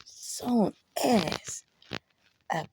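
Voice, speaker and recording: A woman's voice: mid-range voice, animated, very slow, noisy background. A woman casually telling a personal story to camera, blunt and profane, with emphatic outbursts.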